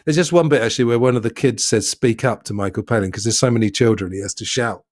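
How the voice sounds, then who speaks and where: A man's voice: mid-range voice, fast, dry recording. A man from southern England co-hosting a podcast, chatting casually about a film in a thoughtful way and laughing often. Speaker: podcast co-host.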